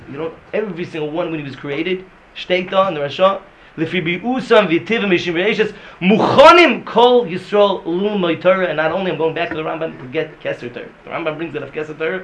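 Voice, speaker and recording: Emphatic gravelly man lecturing a room. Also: a little hiss or hum, low-quality recording. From United States. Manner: swings from loud emphatic bursts to low intimate talk. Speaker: religious teacher. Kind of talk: religious lecture to a live room. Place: room with listeners.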